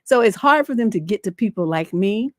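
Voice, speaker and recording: A middle-aged woman with a mid-range voice hosts a relationship advice livestream, speaking in an animated, brisk way. As a relationship coach, she's blunt, profane, and rambling, full of fillers, and reads viewer letters aloud. There's no echo.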